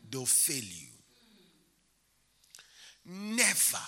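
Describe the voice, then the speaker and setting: A man's voice: very animated, bright, forceful tone, breathy edge, faint music behind. A male pastor preaching a sermon, emphatic and repetitive, building to a fervent rise. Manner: emphatic, repeats phrases, slows and rises to a fervent pitch.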